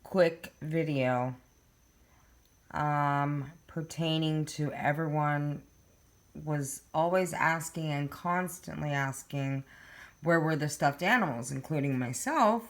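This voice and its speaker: A low-pitched woman speaks slowly and casually, addressing her viewers directly as she works through case papers. She turns emphatic and indignant when driving home a point. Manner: chatty, addresses viewers directly, reads documents aloud. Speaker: true crime vlogger. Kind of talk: casual talk to camera.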